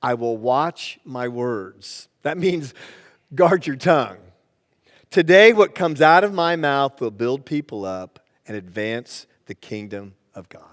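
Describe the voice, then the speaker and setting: A man preaching a sermon as pastor, telling a story and acting out its characters. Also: medium pitch. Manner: storytelling, plays the joke with voices. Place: church sanctuary. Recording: church sanctuary with long reverb.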